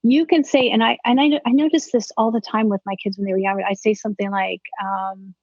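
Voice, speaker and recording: A woman's voice: mid-range voice, fairly even intonation, fairly quick, darkish tone, no echo. A middle-aged woman psychologist explaining as a guest in an interview, using everyday analogies. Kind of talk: conversational interview. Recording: dull, slightly muffled audio.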